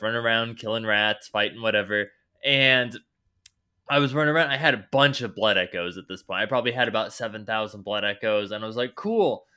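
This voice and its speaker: A young man on a podcast, casually telling animated stories about the games he played and acting out his own reactions. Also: medium pitch, clean tone. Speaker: podcast host. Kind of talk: casual gaming chat.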